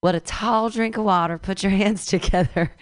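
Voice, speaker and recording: A woman's voice: medium pitch, steady tone, normal speed. A woman emceeing a comedy show, gushing as she introduces the next comic on stage.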